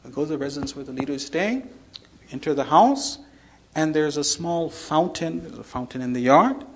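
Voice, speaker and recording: A man delivering a storytelling sermon, animated and acting out the voices in his story. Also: a little high, normal speed, husky, low-quality recording. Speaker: preacher.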